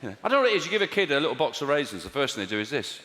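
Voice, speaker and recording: A man's voice: mid-range voice, big pitch swings, rapid-fire, heavy background noise. A man doing a stand-up routine, wry and exasperated, with bursts of mock outrage. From England. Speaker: stand-up comedian. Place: large theatre stage with live audience. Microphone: stage mic. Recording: echoey hall with loud audience laughter.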